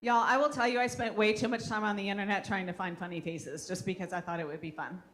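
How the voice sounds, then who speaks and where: A woman's voice: mid-range voice, steady tone, fast, a bit bright. A woman leading a parent workshop in a school room, talking conversationally to the audience and checking in with a frequent "okay?" as she acts out what kids and parents say. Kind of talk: interactive parent workshop talk.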